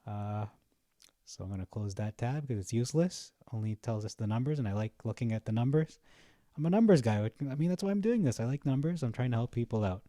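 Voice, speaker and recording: A man's voice: medium pitch, lively intonation, fairly quick, dark tone, no echo, clean studio sound. A young man giving casual, rambling commentary on his vlog while browsing, chatty and often laughing at his own jokes. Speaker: stock market vlogger.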